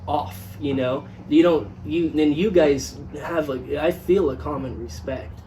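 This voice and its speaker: A man's voice: a little high, unhurried, dark tone, far from the mic, slight background noise, rough recording. A man in his twenties co-hosting a casual podcast, rambling with lots of restarts and "like". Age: 20s. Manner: rambling, restarts often, heavy use of "like". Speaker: podcast co-host.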